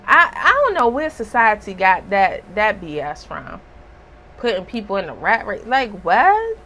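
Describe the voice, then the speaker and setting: A slightly hoarse woman giving a casual spiritual reading, emphatic and preachy, with rhetorical asides. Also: mid-range voice, big pitch swings, moderate pace, sharp tone, a little hiss or hum, poor audio. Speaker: spiritual reader.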